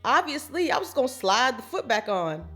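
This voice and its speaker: Thirties woman vlogging, chatty storytime, kinda high voice that jumps all over. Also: brisk, soft background music. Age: 30s. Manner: animated, chatty, talks to viewers as "girl" and "y'all". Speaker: lifestyle vlogger. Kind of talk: casual storytelling to camera.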